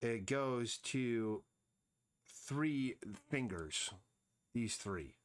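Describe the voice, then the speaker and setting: A comic artist streaming his drawing speaks very slowly in an animated, mid-range voice. He narrates casually, thinking out loud and often mumbling to himself.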